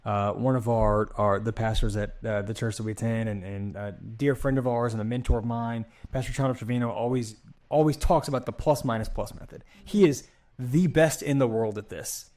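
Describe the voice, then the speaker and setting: A man's voice: medium pitch, steady tone, brisk, darkish tone. A man co-hosting a casual marriage podcast, talking in a conversational way with frequent restarts and acted-out bits of dialogue. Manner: conversational, repeats words, acts out dialogue. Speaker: podcast co-host. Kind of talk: casual chat about marriage.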